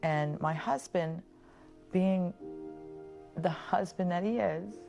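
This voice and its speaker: A woman, a mother of four, quietly and hesitantly recalling her cancer diagnosis in an interview testimonial. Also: lowish voice, slow, gravelly. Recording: music bed under the voice.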